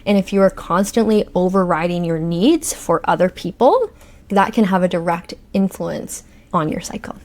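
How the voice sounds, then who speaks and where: A woman's voice: on the low side, normal speed, darkish tone. A woman guest on a podcast, a cycle coach, explaining her ideas through strings of guiding questions. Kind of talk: conversational interview.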